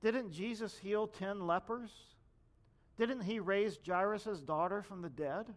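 Male pastor, higher-pitched voice, chatty preaching style that slips into quoted voices. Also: slow pace. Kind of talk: sermon.

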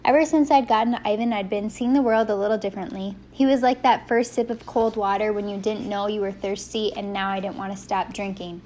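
A woman reading a first-person story aloud as an audiobook narrator, giving the characters lively voices. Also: mid-range voice, fairly quick, few pauses, a little hiss or hum.

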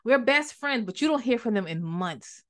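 Give me an animated woman teaching the Bible in a casual podcast chat. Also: a little high, normal speed. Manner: animated, conversational, repeats words for emphasis.

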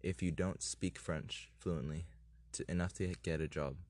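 A man's voice: sits low, steady tone, moderate pace, darkish tone, no echo. A man in casual chat with a friend, laughing often and trailing off mid-sentence as he improvises rhymes.

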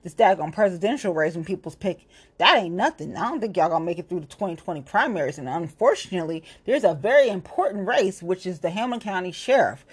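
Husky, profane, furious woman ranting. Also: medium pitch, fairly bright tone. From Ohio, USA. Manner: blunt, profane, confrontational. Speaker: local political activist. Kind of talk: angry profane rant to camera.

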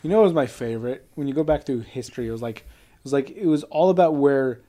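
A man's voice: medium pitch, animated, fast talker, mellow. A man co-hosting a casual chat, rambling and swearing as he tells stories and mimics people mockingly. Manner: rambling, profane, storytelling with mocking quoted voices. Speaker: podcast co-host.

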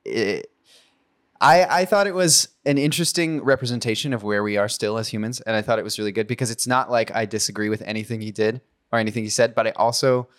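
A man in relaxed podcast conversation, thinking out loud in long rambling sentences that often trail off. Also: on the low side, quick pace. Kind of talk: casual conversation.

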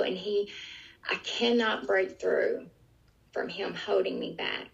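A middle-aged woman with a deep, gravelly rasp gives an interview about a personal experience. She tells it earnestly and vividly, stopping and restarting her sentences. The recording sounds dull and lo-fi. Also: fairly even intonation, measured pace.

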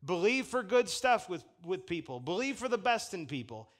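High-pitched guy preaching, swoops all over the place, chuckles a lot, acts out little voices. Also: very animated, moderate pace. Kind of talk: sermon. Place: church pulpit.

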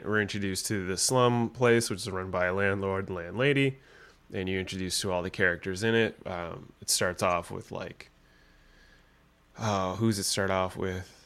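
A man's voice: low voice, a bit bright. A man co-hosting a casual film review podcast, retelling scenes in a rambling way full of fillers and acting out the characters' lines. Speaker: podcast co-host reviewing films. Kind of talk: casual chat.

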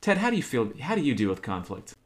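A man co-hosting a podcast in casual chat, asking playful questions and thinking things through out loud. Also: medium pitch, wildly swooping pitch, quick pace. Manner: playful, asks questions, reflective. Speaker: podcast co-host.

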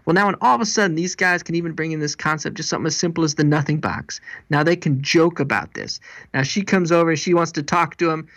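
A pastor and marriage seminar speaker, an animated storyteller who acts out the people he quotes. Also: a little high, fast. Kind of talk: interview guest.

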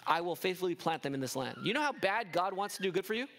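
A pastor with a high voice delivers an impassioned sermon. He keeps asking his listeners rhetorical questions and drives his points home with emphasis. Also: big pitch swings, fast talker, fairly bright tone, a little hiss or hum.

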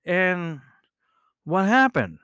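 A man hosting a podcast, telling a rambling personal story in a casual, animated way, often correcting himself mid-sentence. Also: high voice, drawn-out words, smooth. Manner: animated, rambling, with self-corrections and bursts of laughter. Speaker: podcast host.

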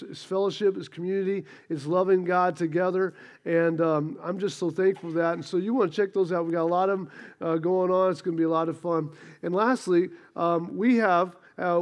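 A man's voice: sits high, darkish tone. A man preaching a sermon, folksy and storytelling as he rallies the congregation. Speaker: pastor. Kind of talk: sermon with announcements and stories.

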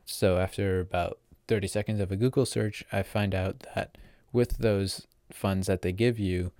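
A teen vlogger with a deep, slightly mellow voice recounts his story loosely, at a moderate pace and with a steady tone. He wanders, uses plenty of filler words, and corrects himself mid-sentence. The recording is dry and close, with no surrounding room sound.

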